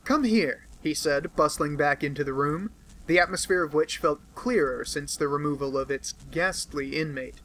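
A male narrator reads a classic novel aloud in measured, scripted storytelling. His voice is bright and crisp, pitched slightly above the usual male range. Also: fairly even intonation, poor audio. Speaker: audiobook narrator.

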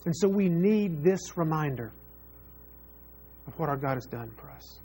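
A man's voice: a little high, expressive, measured pace, noisy background. A man preaching a sermon as pastor, earnest and repeating phrases for emphasis.

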